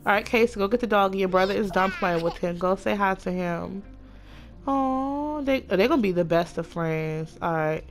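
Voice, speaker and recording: A woman chatting casually through a life-sim game, gushing over her characters and voicing them in quick asides. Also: mid-range voice, faint music behind. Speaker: Sims let's play narrator. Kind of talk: casual gameplay commentary.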